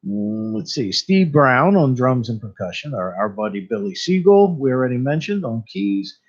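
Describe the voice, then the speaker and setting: A man's voice: medium pitch, sing-song, moderate pace, creaky. A man hosting a radio show, chatting casually with a guest, laughing often and stumbling over names. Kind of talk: casual radio interview chat. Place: radio studio. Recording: dull lo-fi radio broadcast.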